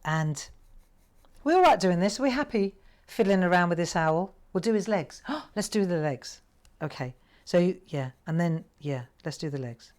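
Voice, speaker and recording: Middle-aged woman, craft show host, low voice and very lively intonation, chatty, rambling, laughs easily. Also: normal speed. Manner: chatty, rambling storyteller who laughs often. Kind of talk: live crafting demonstration with chat. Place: home craft room.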